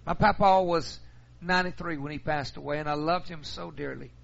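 Brief: middle-aged pastor, gravelly fry, slightly higher voice, muffled recording. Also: male voice, brisk, noisy background. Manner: folksy storytelling. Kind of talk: sermon.

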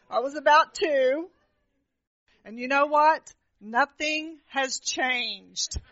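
Animated woman preacher, slightly high voice. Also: dry recording. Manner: animated storytelling, asks the crowd "right?" often. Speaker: minister. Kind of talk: sermon with personal stories. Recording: dull lo-fi, dry sound.

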